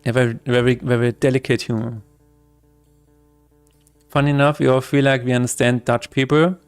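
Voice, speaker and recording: Chatty man with a smooth voice. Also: medium pitch, steady tone, normal speed, faint music behind. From Austria. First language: German. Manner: chatty, laughs often, reads chat aloud. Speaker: game developer streamer. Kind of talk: casual livestream chat.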